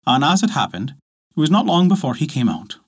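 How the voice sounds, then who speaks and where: Lively male folk tale narrator. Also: on the high side, brisk. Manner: expressive, storybook telling. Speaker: storyteller.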